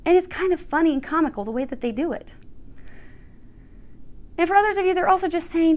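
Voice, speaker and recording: A woman's voice: very high-pitched, lively intonation, fairly quick, long pauses. A woman giving a casual spiritual tarot reading, chatty and earnest, laughing often and swearing offhandedly. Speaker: tarot reader.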